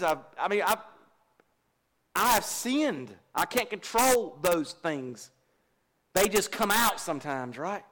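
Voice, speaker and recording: A man's voice: high-pitched, a bit bright. A middle-aged man, a pastor preaching a folksy, confessional sermon and joking with his congregation. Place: church.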